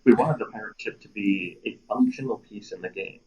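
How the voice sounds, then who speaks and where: A man's voice: lowish voice, fairly quick, muffled recording. A man, a game designer guest in a casual interview, who laughs often and acts out players' lines as he talks.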